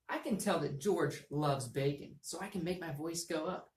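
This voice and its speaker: A woman's voice: low voice, normal speed, hardly any pauses, a little mellow, slight background noise. A woman teacher giving a reading lesson to young students, explaining patiently and repeating key points. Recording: echoey room.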